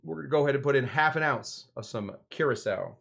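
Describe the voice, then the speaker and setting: A man in the middle pitch range hosts a live drink-making show. He talks in a loose, wandering way, full of fillers and side stories. He cracks jokes and answers his own questions. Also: expressive, quick pace, gravelly, fairly bright tone, slightly rough. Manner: rambling and digressive, with many fillers and asides.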